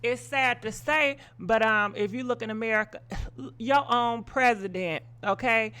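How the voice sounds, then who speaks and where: A woman's voice: fairly high pitch, unhurried, very noisy. Blunt, swearing woman gossip host. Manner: blunt, opinionated, swears casually; rambling with frequent ums and asides. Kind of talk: live-stream gossip commentary.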